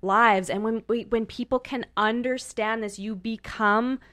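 A woman's voice: a little high, fairly even intonation, a little slow, a bit bright. A woman coach in casual podcast chat, explaining ideas earnestly and offering reframes.

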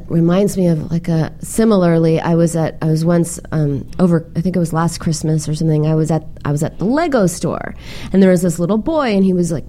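A woman hosting a call-in advice radio show, telling stories in a warm, validating way. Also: lowish voice.

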